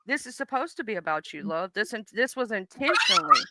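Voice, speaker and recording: A woman co-hosting a livestream, speaking gently and reassuringly. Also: a little high, wildly swooping pitch, brisk, heavy background noise. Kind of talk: casual livestream chat.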